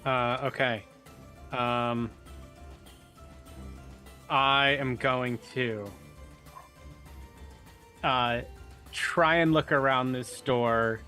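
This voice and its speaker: A man's voice: mid-range voice, fairly even intonation, very slow, long pauses, bright, forceful tone, faint music behind. A man playing a tabletop game, speaking hesitantly with many fillers. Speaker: player. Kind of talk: casual tabletop play.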